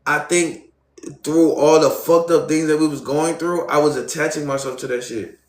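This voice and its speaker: A man's voice: a little high, steady tone, normal speed. A young man streaming live, casually telling his viewers a personal story in loose, profane street slang and talking straight to them. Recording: roomy echo.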